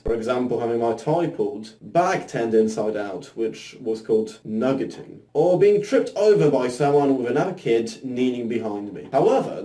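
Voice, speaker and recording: Lively cheeky young man vlogging. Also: mid-range voice, recorded from a distance. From Poland. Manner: cheeky, self-mocking, crude jokes. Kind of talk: scripted vlog monologue. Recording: roomy, mic set back.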